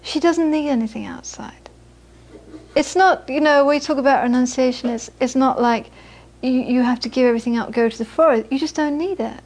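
A woman teaching Buddhism to a live audience, moving from lively anecdotal storytelling into quiet, reflective teaching. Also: sits high, brisk, hardly any pauses. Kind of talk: dharma talk to a live audience.

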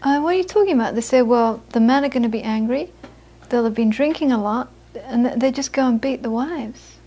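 A woman teaching Buddhism to a live audience, moving from lively anecdotal storytelling into quiet, reflective teaching. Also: on the high side, brisk, breathy edge. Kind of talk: dharma talk to a live audience.

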